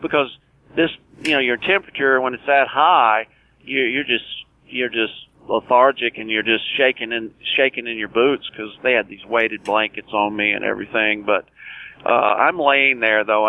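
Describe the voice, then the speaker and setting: A man in his sixties, a guest telling his story of surviving cancer in an earnest, plain-spoken way, often restarting his sentences and acting out past conversations. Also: fairly low pitch. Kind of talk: personal storytelling interview. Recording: tinny phone line.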